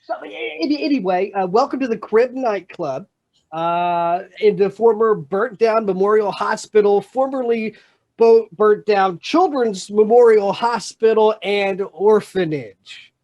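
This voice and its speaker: A woman's voice: mid-range voice, unhurried, warm tone, natural voice. Woman playing a flustered nightclub owner, rambling, stammering, dull lo-fi sound. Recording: dull lo-fi mic.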